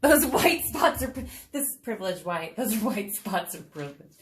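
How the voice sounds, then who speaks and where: A woman's voice: mid-range voice, big pitch swings, normal speed, a little hiss or hum. Chatty woman painting at home, bubbly, laughs a lot, talks straight to her viewers. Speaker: painter streaming live. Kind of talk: casual chat while painting live. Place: home room, not a studio.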